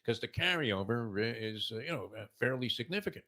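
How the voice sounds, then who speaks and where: Sixties male host, bright tense tone, meandering anecdotal delivery. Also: medium pitch, animated, a little fast. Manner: rambling storyteller, heavy "uh" fillers. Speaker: morning show host. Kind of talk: casual sports talk.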